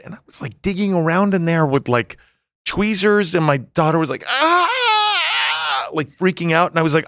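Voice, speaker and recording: A man's voice: a little high, a bit bright, no room sound, clean studio sound. A middle-aged man telling rambling, self-mocking stories full of fillers as a podcast guest. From United States. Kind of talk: casual podcast chat.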